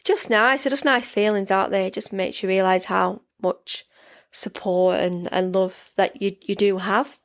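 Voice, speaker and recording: A woman in her forties hosts a casual solo podcast, speaking at normal speed in a mid-range voice with fairly even intonation. She sounds sleepy and yawns, rambling chattily with frequent restarts and lots of "yeah" fillers.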